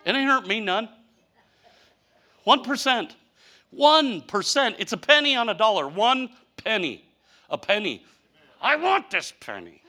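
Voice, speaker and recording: A pastor in his fifties with a high-pitched voice preaches a humorous sermon, unhurried and full of long pauses. His storytelling is animated and mock-whining, delivered in folksy speech.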